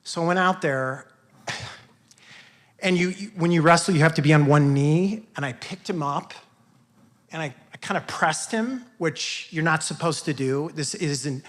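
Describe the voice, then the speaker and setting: A man at a live workshop telling a personal story on stage, talking earnestly in a halting way with many restarts. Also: a little high, a bit bright. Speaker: workshop participant. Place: event hall with audience.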